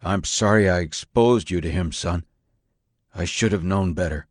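A man voicing a gruff middle-aged father in an audiobook, speaking low and heavy. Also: normal speed, dry recording, clean studio sound. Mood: regretful.

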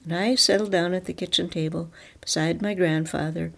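A woman reading a first-person story aloud in a calm, reflective way. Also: on the low side, fairly quick, creaky.

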